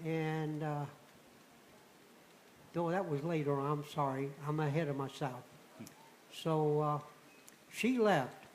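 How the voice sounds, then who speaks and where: High-voiced older man spinning a folksy yarn. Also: slow, pauses often, slight background noise, low-quality recording. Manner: folksy, animated storyteller acting out dialogue. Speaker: returning guest. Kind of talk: telling a personal story on a radio show.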